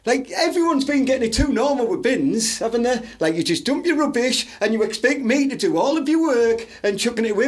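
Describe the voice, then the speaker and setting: A man's voice: very high voice, animated, fairly quick, few pauses. A man with a Teesside accent co-hosting a podcast, rambling through mock-serious crude stories. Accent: Teesside English. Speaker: podcast co-host. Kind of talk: crude casual banter.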